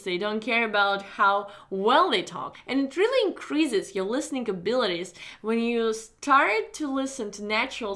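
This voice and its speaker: A woman's voice: a little high, a bit bright. Encouraging woman teaching a test-prep course. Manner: encouraging, direct address to students. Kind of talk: online course lecture.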